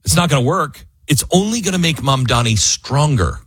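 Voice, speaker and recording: A man's voice: a little high, expressive, normal speed, a bit bright, husky, dry recording. A man hosting a talk radio show, delivering an opinionated monologue and live ad reads, often mocking people with put-on quotes.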